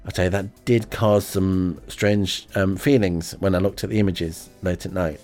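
A man rambles through a comic monologue as the host of an amateur radio show. His voice sits fairly low, and his delivery is deadpan and hesitant, thick with ums. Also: normal speed, soft background music.

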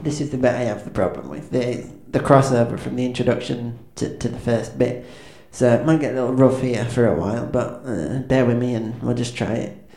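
In an echoey room with faint ambience in the background, a man serving as a band's comedic frontman stumbles through awkward patter, mocking himself and restarting amid plenty of ums. His medium-pitched voice is creaky and mellow.

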